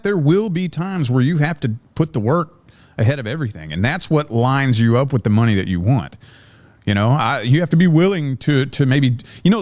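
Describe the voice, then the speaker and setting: A man's voice: medium pitch, darkish tone. Male podcast guest, mid-range voice, blunt and profane, conversational. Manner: blunt, profane advice-giving. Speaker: tarot reader, podcast guest.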